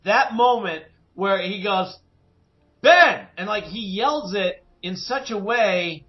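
A man co-hosting a podcast in casual chat, animated and acting out quotes in different voices. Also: sits high, measured pace, muffled recording. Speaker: podcast co-host.

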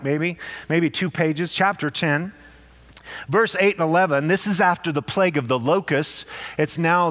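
A man preaches in a loose, conversational sermon style. His voice sits a little high, and he stumbles over repeated words and slips into quoted voices. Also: a bit bright. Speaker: pastor.

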